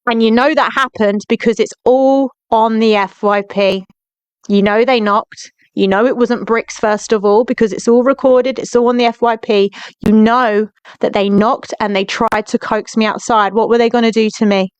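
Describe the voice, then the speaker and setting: Indignant woman livestreaming, crisp and dry. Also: a little high, steady tone, normal speed, no room sound. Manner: indignant, repeats pointed questions to viewers by name. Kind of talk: angry live-stream rant.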